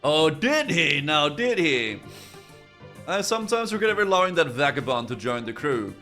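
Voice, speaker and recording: A man's voice: a little high, big pitch swings, moderate pace, bright, forceful tone, soft background music. A man reading as a pompous pirate captain. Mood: haughty. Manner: pompous, condescending. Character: smug haughty male pirate captain.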